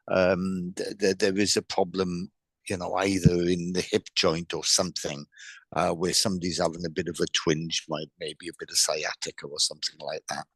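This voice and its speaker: Man, psychic medium, live reading, halting, repeats himself, relays spirit messages, dry sound. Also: sits low, fairly bright tone, husky, dry recording. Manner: halting, repeats words, many restarts.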